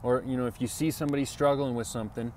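A man of ordinary pitch talks earnestly through a Bible lesson, loose and repetitive, often asking "right?" as he goes. It is a casual video sermon. Faint traffic and street noise sit under his voice. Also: steady tone, rapid-fire, dark tone. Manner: earnest, repetitive, conversational, with many "you know" and "right?". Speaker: Bible teacher.

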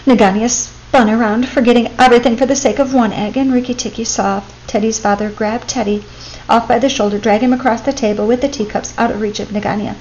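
A woman reading a classic children's story aloud as a storyteller, with expressive, steady pacing. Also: fairly high pitch, brisk, poor audio.

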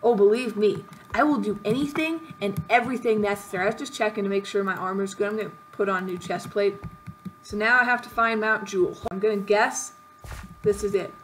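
A woman's voice: mid-range voice, steady tone, a little fast. Chatty woman narrating a game, noisy recording. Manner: chatty, playfully dramatic. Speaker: gaming video host. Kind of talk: let's-play commentary.

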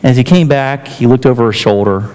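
A man preaching a sermon as pastor, telling stories and acting out quotes with emphatic pauses. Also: mid-range voice, darkish tone, smooth. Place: church sanctuary. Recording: church hall reverb.

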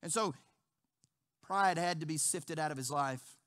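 High, bright-voiced pastor preaching dramatically. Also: male voice, measured pace. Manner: dramatic, repeats phrases, acts out quotes with swings in loudness. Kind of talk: sermon. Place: church sanctuary.

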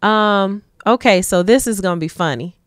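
A woman from Detroit, a guest in a casual interview, telling relaxed stories and laughing often. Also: medium pitch, normal speed, no echo, clean studio sound. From Detroit, USA. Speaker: guest, community advocate.

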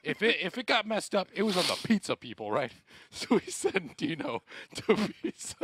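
A man's voice: high voice, sing-song, normal speed, noisy background. A young man streaming, telling a story in casual chat and laughing through it. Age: young adult.

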